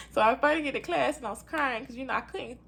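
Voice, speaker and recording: Talking very fast with vocal fry and a husky quality, a young woman casually narrates her own story for her audience. She's animated, calls them "y'all" frequently, and acts out people's remarks in a high voice.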